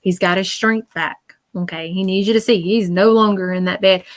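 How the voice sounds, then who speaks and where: A woman's voice: mid-range voice, normal speed. A woman working as a psychic medium in a live-stream reading, speaking earnestly and often emotionally. She relays messages in quoted speech and keeps checking in with "okay?". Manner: animated, emotional.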